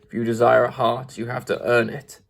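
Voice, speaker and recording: A man voicing a menacing wizard in the shape of a beast, speaking low and growling. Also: level tone, a little fast, creaky, lightly acted. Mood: commanding.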